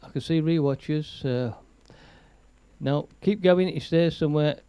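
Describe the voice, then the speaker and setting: A man's voice: fairly high pitch, measured pace, mellow, clear, resonant tone, dry recording. A man hosting a casual live stream, chatting, laughing and reading out viewer comments. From England. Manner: chatty, rambling, laughs often, reads viewer comments aloud.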